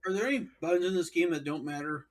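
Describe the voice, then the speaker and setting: A man joining a casual gaming stream as a player, excitable and quick with quips. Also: fairly high pitch. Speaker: guest player.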